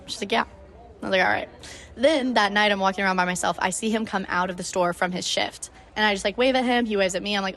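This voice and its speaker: A woman's voice: medium pitch, fast talker, vocal fry, a bit bright. A nineteen-year-old woman hosting her own podcast, telling a story in a chatty way with lots of "like" and acted-out quotes. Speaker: podcast host. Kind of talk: casual storytelling monologue.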